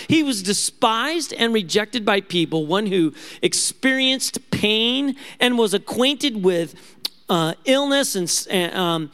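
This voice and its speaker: Earnest higher-voiced man preaching. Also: expressive, a little slow, clear, resonant tone. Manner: earnest, questioning, drops to a soft altar-call tone; restarts and fillers. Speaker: pastor. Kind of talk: sermon.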